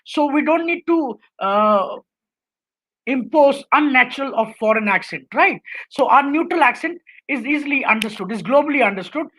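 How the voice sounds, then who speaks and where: The recording is rough, but the woman's voice comes through high, expressive and fairly bright at a moderate pace. Speaking with an Indian English accent, she teaches a public speaking webinar, moving through numbered points and ending many sentences with "right?"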